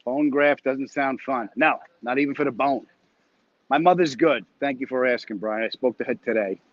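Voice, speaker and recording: Heading home on foot, a slightly winded comedian reads out viewer comments during his weekly live chat, speaking into his phone. His voice sits at medium pitch and moderate pace, recorded dry and lo-fi, and he stays chatty, joking and wandering.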